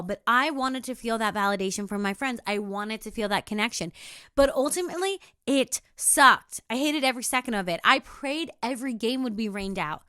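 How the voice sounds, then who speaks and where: A young woman hosting a podcast, talking casually on her own, emphatic and animated, swearing freely and acting out the voices of people she quotes. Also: sits high, moderate pace, no room sound, studio quality. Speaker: podcast host. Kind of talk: casual solo podcast monologue.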